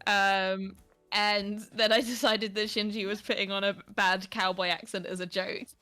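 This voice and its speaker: A woman's voice: medium pitch, level tone, normal speed, pushed and bright. Giggly southern English woman. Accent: southern English, with a slight Manchester influence. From south of England. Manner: giggly, laughing often. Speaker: game stream co-host. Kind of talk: casual chat while gaming.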